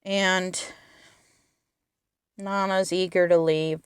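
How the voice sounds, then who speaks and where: A woman's voice: on the low side, little pitch movement, very slow, smooth, dry recording, clean studio sound. A woman retelling a film's plot in earnest detail, stressing its emotional moments. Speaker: film reviewer.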